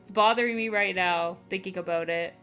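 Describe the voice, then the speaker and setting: A young woman with a Canadian accent chats casually on her stream, teasing her viewers and laughing often. Her voice is bright, and faint game music plays underneath. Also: on the low side, brisk. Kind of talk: casual chat while playing.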